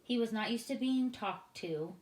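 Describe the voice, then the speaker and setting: A woman teacher narrating a storybook aloud with steady, expressive reading. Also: fairly high pitch, normal speed. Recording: roomy echoing room.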